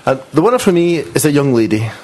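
A man's voice: fairly high pitch, quick pace. A man on a casual football podcast, eagerly telling odd football anecdotes to his co-hosts. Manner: animated storyteller, relishes the anecdotes. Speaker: podcast regular.

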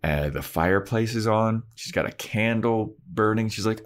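Low-voiced guy on a podcast, retelling an episode and doing the characters' lines. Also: moderate pace. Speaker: podcast co-host. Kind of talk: casual chat recapping a TV episode.

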